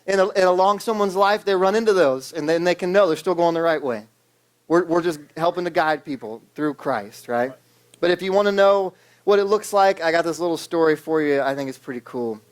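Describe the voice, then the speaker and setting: A man's voice: on the high side, fairly quick. Casual preacher man, keeps saying okay. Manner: conversational, keeps asking "okay?". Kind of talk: casual sermon. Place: church service.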